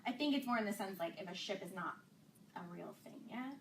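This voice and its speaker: A woman interviewing two guests, upbeat and quick with affirmations. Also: medium pitch, expressive, distant mic, a little hiss or hum. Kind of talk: casual interview.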